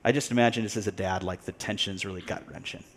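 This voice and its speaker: A male pastor preaching a sermon, telling a story with animated delivery, acting out the people he quotes and laughing now and then. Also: on the low side, fast talker, a little hiss or hum.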